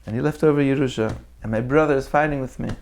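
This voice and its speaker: Animated male Torah storyteller. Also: mid-range voice, fast talker. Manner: animated storyteller who acts out the people in his tales. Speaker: Torah teacher. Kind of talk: weekly Torah talk with storytelling.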